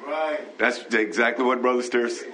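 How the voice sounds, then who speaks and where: A man's voice: mid-range voice, normal speed, sharp tone. A man preaching a fervent, scolding sermon on a live broadcast, reading scripture and breaking into hallelujahs. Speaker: pastor.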